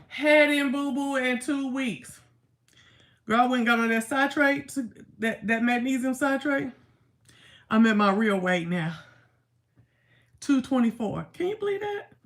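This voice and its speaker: Chatty woman with a higher voice. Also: expressive, moderate pace, long pauses. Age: 30s. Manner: chatty, laughing, talking back to chat. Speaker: livestreamer. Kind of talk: casual livestream chat with viewers. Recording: echoey room.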